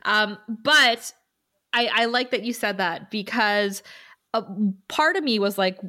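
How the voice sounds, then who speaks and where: A woman co-host talking through a TV episode in casual chat. She is animated and laughs easily, slipping into the characters' lines as she goes. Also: medium pitch, slow. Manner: animated, acts out quotes with laughs. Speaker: podcast co-host.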